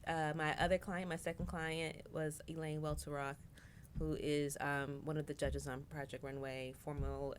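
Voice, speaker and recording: A woman's voice: low-pitched, level tone, normal speed, a little hiss or hum. A woman who works as a makeup artist, chatting casually with many fillers about her work. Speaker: makeup artist, podcast guest. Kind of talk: casual chat.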